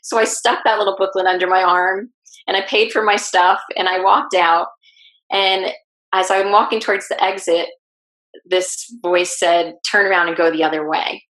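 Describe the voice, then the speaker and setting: Animated woman telling a story. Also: mid-range voice, normal speed. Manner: animated, acts out quoted speech. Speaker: guest. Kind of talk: casual storytelling in an interview. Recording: roomy echo.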